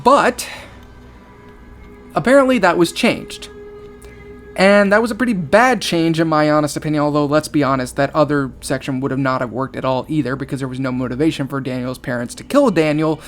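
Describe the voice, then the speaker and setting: A man's voice: fairly high pitch, fairly even intonation, brisk, soft background music. A man commenting on a horror story as he reads it aloud, exasperated and sarcastic, swearing often.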